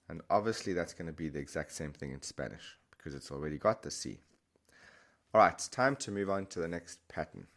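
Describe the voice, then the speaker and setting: Deep-voiced man teaching a language lesson. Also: fairly bright tone. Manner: patient, repeats words slowly for the learner. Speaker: Spanish teacher.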